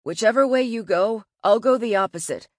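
A woman voicing a wry young man who talks brisk and loud, tossing off lines like jokes. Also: a little high, sing-song, no room sound, studio quality.

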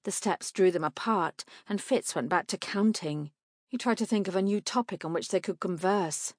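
A woman narrating an audiobook in a measured, clear way. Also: on the low side, no room sound, clean studio sound.

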